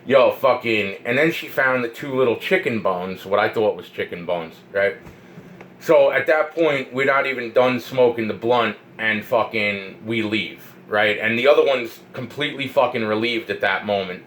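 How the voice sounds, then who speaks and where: A man recounts a story in a loose, rambling way, swearing often and repeating phrases as he gets worked up. His voice sits at an ordinary middle pitch. A faint hiss runs under the recording. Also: normal speed, low-quality recording. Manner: profane, excitable, repeats himself.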